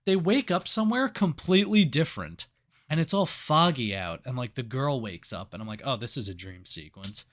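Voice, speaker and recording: A man's voice: mid-range voice, normal speed. Podcast guy ranting about a movie, swears a lot, acts out the scenes. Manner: swears freely, retells scenes with animated voices. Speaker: podcast co-host. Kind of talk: casual movie review chat.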